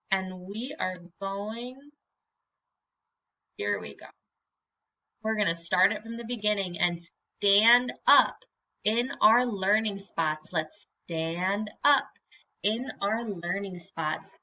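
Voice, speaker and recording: A woman teacher reads a picture book to young children in an unhurried, clear, bright voice. She gently coaxes them to join in and leads them into yoga poses. The sound is a little muffled and lo-fi. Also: mid-range voice, a little hiss or hum. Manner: slow, gentle and encouraging, prompting children to join in.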